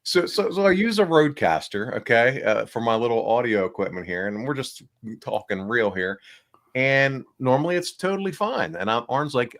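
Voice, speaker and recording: A man's voice: mid-range voice, expressive, normal speed, fairly bright tone. A man hosting a casual podcast, nasal and congested from the flu, upbeat and rambling with fillers. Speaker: podcast host. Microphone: small backup microphone.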